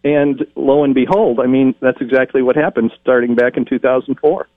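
Here a middle-aged man, a game show announcer by trade, is interviewed and tells lively stories, imitating the voices of those he quotes. He talks briskly at a medium pitch. The recording is dry, but it sounds tinny, as if over a phone.

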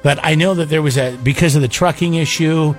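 This male morning-radio co-host has a slightly high voice and talks fairly quickly, with faint music behind him in the radio studio. Recorded on a studio microphone, he banters animatedly and jumps into comic voices.

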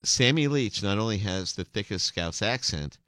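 A middle-aged man hosting a podcast interview, telling stories in a lively way and dropping into accents. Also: lowish voice, normal speed, no echo, studio quality. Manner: animated storyteller, slips into accents. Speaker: podcast host. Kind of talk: casual interview chat.

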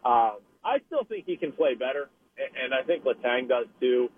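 A man's voice: medium pitch, breathy edge. Man talking hockey over a tinny phone line. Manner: chatty, quick to laugh, restarts his sentences. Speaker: newspaper hockey reporter, radio guest. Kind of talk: casual analytical chat. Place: driving in a car. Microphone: phone call.

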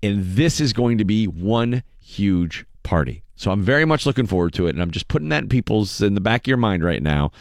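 A man's voice: lowish voice, big pitch swings, a little fast, hardly any pauses, no room sound. A man hosting a radio morning show, chatting casually in an upbeat promotional way with some fillers. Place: radio studio. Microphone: studio microphone. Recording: dry close studio mic.

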